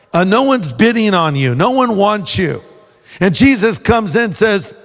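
A man's voice: high voice, long reverb tail. A male pastor preaching a sermon in an anecdotal, folksy style.

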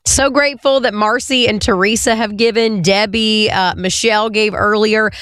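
A woman's voice: medium pitch, fairly even intonation, a bit bright, no echo, clean studio sound. Earnest woman radio host. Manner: earnest, quick-talking, slows down to read numbers. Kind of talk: radio fundraiser chat.

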